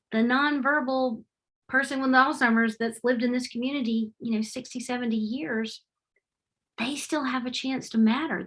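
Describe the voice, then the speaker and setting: Middle-aged woman presenter, warm and animated, a touch high-voiced, talking through slides on a call. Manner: warm, heartfelt and animated, with faith-tinged phrasing. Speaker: presenter at a webinar. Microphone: remote video call.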